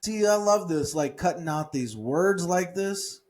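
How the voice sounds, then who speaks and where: A man co-hosting a comedy podcast, workshopping his own jokes in casual chat and reading lines in an animated voice. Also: high voice, a little slow. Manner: reads joke lines in a raised, animated voice; laughs easily, thinks aloud.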